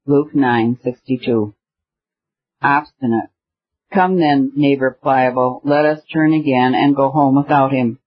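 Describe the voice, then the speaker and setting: A man reading an old allegory aloud in measured scripted narration, pausing to cite scripture references. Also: medium pitch, fairly even intonation, breathy edge, muffled recording. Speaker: audiobook reader.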